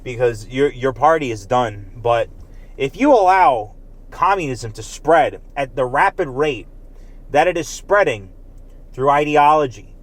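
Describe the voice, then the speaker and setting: A man's voice: medium pitch, animated, a little slow. A man delivering a heated, profane political rant as a commentator, emphatic and agitated throughout.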